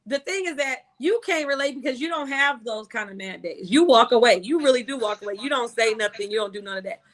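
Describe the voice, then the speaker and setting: A young woman hosting a casual talk show, brash and profane, telling her stories with big animated swings. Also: on the high side, fast. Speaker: podcast host. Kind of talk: casual chat.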